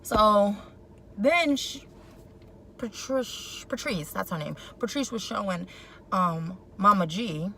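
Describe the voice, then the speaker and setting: A woman's voice: medium pitch, takes it slowly. A young woman giving an opinionated, colloquial recap of a reality show episode in a casual vlog. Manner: opinionated, sassy, colloquial, animated. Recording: clear background noise, vehicle sounds.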